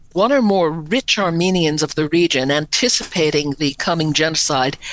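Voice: mid-range voice, fairly bright tone, dry recording, low-quality recording. An author in an interview, telling a true story vividly and acting out the quoted lines.

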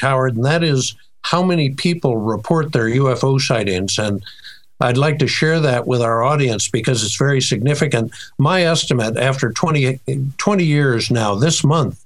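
An older man from the United States, director of a reporting center, recounting a sighting in an interview with a measured, precise delivery and frequent fillers. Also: medium pitch.

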